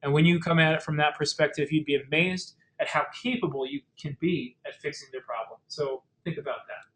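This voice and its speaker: A man's voice: a little high, a little fast, fairly bright tone, low-quality recording. A man presenting a webinar in a casual, explanatory way, with plenty of fillers and restarted phrases. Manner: conversational, many fillers and restarts.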